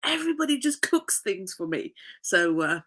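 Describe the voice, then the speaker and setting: A woman's voice: medium pitch, very animated, moderate pace, fairly bright tone. A woman life coach in casual podcast chat, nasal and congested from a cough, rambling and laughing often.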